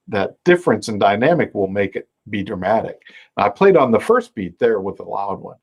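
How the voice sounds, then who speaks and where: A man's voice: fairly low pitch, very animated, fairly quick, husky, faint music behind. Man teaching timing over plucked strings. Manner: explains timing with counting, scatting and sung demonstrations over his own playing. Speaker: music teacher. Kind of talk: live online music lesson. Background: his own dulcimer playing.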